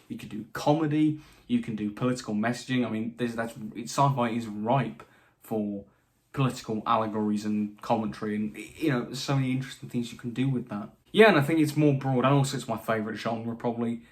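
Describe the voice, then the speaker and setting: Late at night, a chatty young British channel host works through viewer questions in a relaxed monologue, his voice slightly weary. He stumbles into restarts and tosses in dry remarks, talking a little fast in a mid-range voice.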